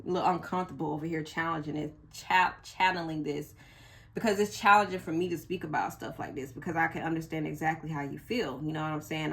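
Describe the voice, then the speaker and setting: Woman, tarot reader, lower voice, casual and emotional, swears a lot. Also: a bit bright. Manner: blunt, emotional, curses freely. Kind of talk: casual pick-a-pile tarot reading.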